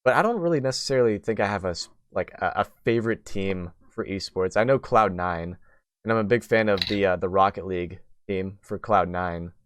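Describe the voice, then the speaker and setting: A man's voice: deep voice, brisk, a bit bright, dry recording. A young man hosting a casual gaming podcast, talking in a rambling way full of "like" and restarts. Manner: rambling, many fillers and restarts. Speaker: podcast host.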